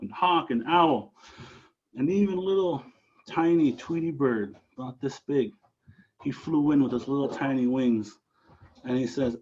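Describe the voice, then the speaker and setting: A man from Alaska telling a traditional story aloud, animated, with dramatic rises and drops. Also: medium pitch, moderate pace, slightly rough, muffled recording.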